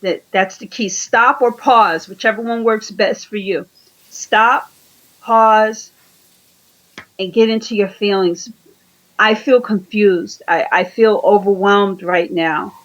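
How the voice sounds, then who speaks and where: A woman's voice: mid-range voice, fairly even intonation, slow pace, low-quality recording. Earnest woman guest giving advice. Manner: earnest, repeats phrases, acts out quoted dialogue. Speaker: interview guest. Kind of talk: conversational coaching advice.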